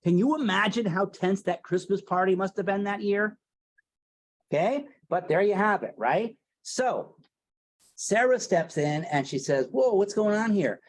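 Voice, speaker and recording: A man's voice: high-pitched, measured pace, low-quality recording. A man giving a casual, storytelling history lecture, chatty and theatrical, often checking in with the audience. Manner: chatty, theatrical, tag questions.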